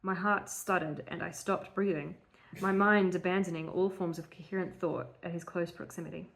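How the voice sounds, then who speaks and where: A woman co-hosting a podcast, reading her own old story aloud and breaking off for quick asides. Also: lowish voice, fairly even intonation, gravelly, rough recording. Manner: reads with quick asides and laughter. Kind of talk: casual chat and reading aloud.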